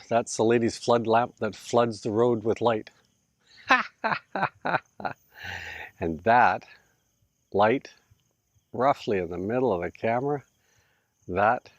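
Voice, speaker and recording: A man's voice: on the low side, no room sound. A middle-aged Canadian man with a Canadian accent, talking casually to camera outdoors in a vlog and laughing often. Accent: Canadian English. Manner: chatty, laughs often, talks straight to viewers. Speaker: vlogger. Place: outdoors at a house build site in the Philippines.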